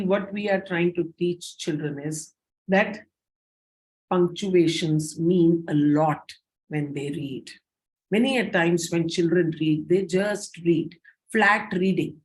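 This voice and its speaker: A woman's voice: on the low side, darkish tone. A woman with an Indian English accent leading a teacher training session, explaining how to read punctuation and demonstrating intonation aloud.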